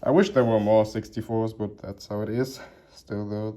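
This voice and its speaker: Easygoing man with a mellow, chuckling voice. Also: lowish voice, moderate pace. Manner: relaxed, chuckling, many fillers. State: slightly out of breath. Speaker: collector unboxing helmets. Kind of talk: casual vlog narration.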